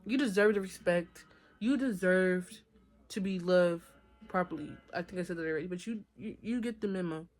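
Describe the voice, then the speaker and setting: A woman's voice: fairly low pitch, moderate pace, faint music behind. A young woman telling her own story to her viewers in a casual, chatty storytime vlog, often talking to them directly. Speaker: vlogger.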